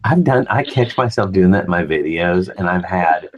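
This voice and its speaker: A man's voice: low-pitched, animated, normal speed, slight background noise. A man hosting a live morning stream, chatting casually and joking with a laid-back manner. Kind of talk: casual chat.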